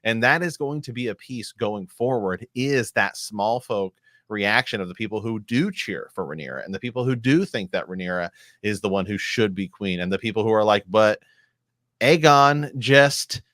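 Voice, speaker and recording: A man co-hosting a podcast, chatting casually as he reviews a TV episode, animated and acting out characters' lines. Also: on the low side, no room sound, clean studio sound. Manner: animated, quick bursts, acts out characters' lines. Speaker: podcast co-host.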